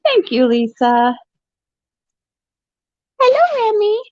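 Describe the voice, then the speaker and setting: A woman coos at her pets in slow baby talk, her voice very high and lively. The recording is dull and lo-fi with a dry, close sound. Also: dry recording. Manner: sing-song and cooing, swooping pitch. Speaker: pet channel host. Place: indoors at home among animal cages.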